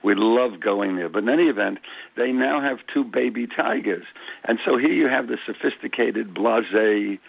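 Man, New York accent, chatty city booster, husky gravelly voice, tinny phone line. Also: medium pitch, normal speed, no room sound. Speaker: phone-in guest, cab driver. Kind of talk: phone-in radio chat. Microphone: telephone.

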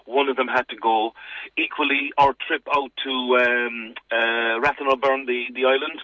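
A man's voice: medium pitch, moderate pace, no room sound, highs cut off. A man with a Cork Irish accent, chatting on the radio and telling jokey stories as a guest presenter. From Ireland. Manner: chatty storyteller, jokey, animated. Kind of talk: casual radio chat.

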